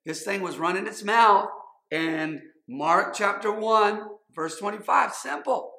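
A man's voice: high voice, slow pace, creaky, bright, forceful tone. A man in his thirties, a pastor giving a sermon in a conversational way, repeating phrases for emphasis and checking in with the congregation. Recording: echoey room.

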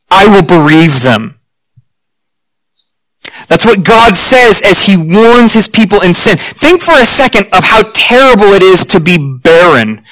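A man preaching a sermon to his congregation, earnest and emphatic, slowing down for weighty lines. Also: high-pitched, a bit bright, rough recording. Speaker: pastor.

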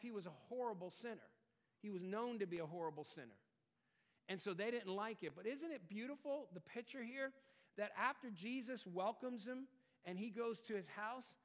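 A man preaching a sermon, earnest, swelling louder and dropping quiet for emphasis. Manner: earnest, rises and falls in pitch and loudness for emphasis. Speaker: pastor.

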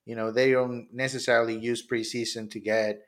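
Measured male podcast co-host from Honduras. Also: mid-range voice, level tone. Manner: measured, thoughtful, lots of "you know". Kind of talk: casual chat.

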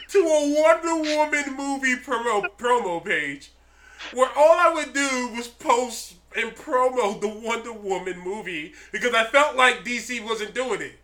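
A man co-hosting a casual chat, telling stories in a profane, animated way and laughing often. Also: very high voice. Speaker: podcast co-host.

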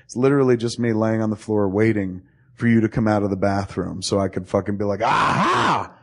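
Speaking fast in a fairly low voice, a man spins a lengthy tale for a friend. He's loose and profane, full of energy, and voices both sides of every exchange.

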